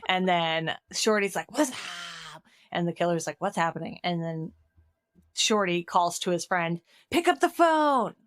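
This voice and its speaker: Here a fairly low-pitched woman talks a little slowly while co-hosting a movie podcast. In clean studio sound with no room sound, she casually recaps scenes and lively acts out what the characters say.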